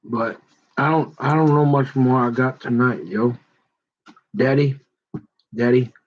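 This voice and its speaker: A man's voice: mid-range voice, unhurried, dull audio. A tired man, rambling and joking in a casual vlog. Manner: rambling, joking, repeats himself. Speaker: vlogger.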